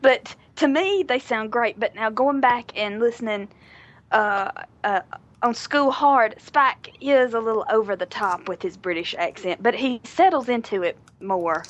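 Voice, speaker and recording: A woman's voice: a little high, unhurried. A woman co-hosting a podcast in casual chat, chatty and laughing often. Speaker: podcast co-host. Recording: dull lo-fi podcast audio.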